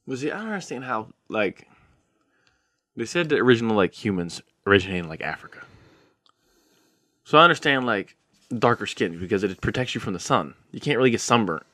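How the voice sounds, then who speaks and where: A young man co-hosting a podcast, musing out loud in a loose, rambling way with lots of fillers. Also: fairly low pitch, very animated, brisk, pauses often, no echo, clean studio sound. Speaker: podcast co-host. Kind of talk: casual chat.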